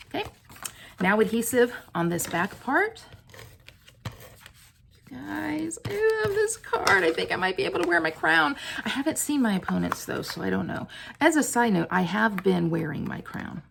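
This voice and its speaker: A woman, chatting excitedly as she demonstrates stamping a card. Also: mid-range voice, vocal fry, a little hiss or hum. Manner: chatty and excitable, cooing over her work. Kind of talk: casual craft tutorial.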